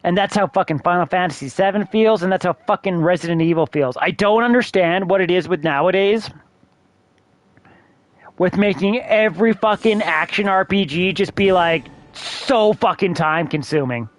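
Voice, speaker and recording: Streamer guy, high voice, swears constantly, frustrated rant into a desk mic. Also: normal speed, no room sound. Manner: profane, exasperated ranting. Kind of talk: casual game-stream rant.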